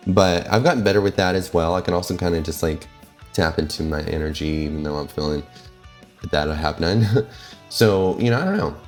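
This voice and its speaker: Low-voiced man rambling candidly. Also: fairly quick, faint music behind. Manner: rambling and candid, full of fillers and self-corrections. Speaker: flight attendant and vlog host. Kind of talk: casual vlog monologue.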